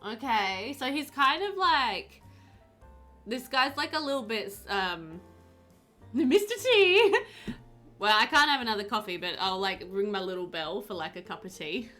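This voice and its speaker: A woman's voice: mid-range voice, animated, unhurried, bright, forceful tone, soft background music. A woman casually chatting on a live stream while playing a game, giggling often and answering viewers' questions. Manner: chatty and giggly, reading sim bios aloud and answering chat.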